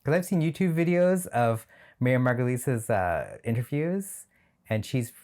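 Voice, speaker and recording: A man's voice: mid-range voice, sing-song, unhurried, darkish tone. A man hosting a reaction video, talking casually and sardonically and laughing often.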